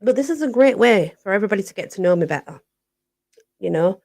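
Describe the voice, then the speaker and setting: A woman from Barnsley with a Yorkshire accent, hosting a relaxed live chat and answering viewers, who says "you know" again and again. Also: medium pitch, fast talker, creaky. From Barnsley, Yorkshire, England. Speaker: livestream host.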